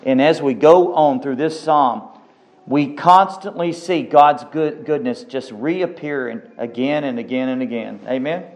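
A man's voice: medium pitch, unhurried. A man preaching a sermon, emphatic, repeating key phrases and asking for amens.

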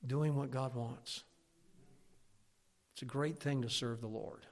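A middle-aged man preaching a sermon, lively and animated, climbing to near-shouts and acting out his listeners' objections. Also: mid-range voice, slow. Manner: animated, rising to near-shouts when stirred up; acts out imagined listeners' objections.

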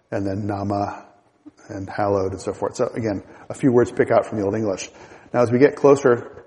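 Low, mellow man teaching a church class. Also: long reverb tail, low-quality recording. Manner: relaxed, halting with fillers and restarts.

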